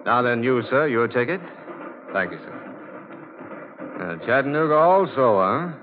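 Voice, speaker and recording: An actor playing a suspicious young male train conductor with a brisk, official manner, in an old radio drama. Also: mid-range voice, very animated, slight background noise. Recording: tinny old radio recording.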